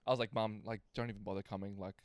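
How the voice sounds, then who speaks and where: A man's voice: on the low side, flat delivery, rapid-fire, no echo. A young man co-hosting a podcast and telling a rambling, profane story. He drops into other people's voices when he quotes them. The recording is dry and close-miked. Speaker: podcast co-host. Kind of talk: casual storytelling chat.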